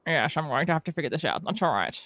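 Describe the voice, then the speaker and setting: A man's voice: on the high side, animated, fast talker, bright, forceful tone, dry recording. A man playing a police trainee in a role-play, grumbling wryly to himself.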